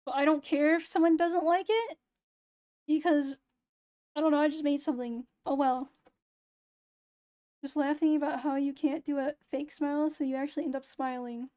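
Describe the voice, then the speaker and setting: A young woman streaming casually, talking in a flat, low-energy, near-monotone way, with a hoarse voice and a sound like she is close to crying. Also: moderate pace, pauses often. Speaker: VTuber streamer. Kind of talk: casual late-night stream chat.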